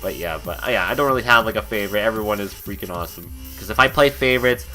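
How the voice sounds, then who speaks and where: A young man chats casually as he answers viewer questions on his stream podcast, rambling and laughing between thoughts. His voice sits on the low side yet sounds bright and pushed forward. Soft music plays faintly underneath. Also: fast talker. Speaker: streamer hosting a channel podcast.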